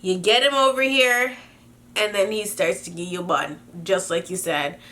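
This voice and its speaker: A woman's voice: mid-range voice, moderate pace, fairly bright tone. A young woman from Canada reading viewer emails aloud and giving blunt, sassy advice in a casual chat, swearing freely.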